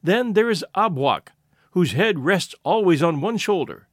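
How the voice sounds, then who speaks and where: A man reading a classic short story aloud as narrator, measured and expressive. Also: sits high, no echo, clean studio sound.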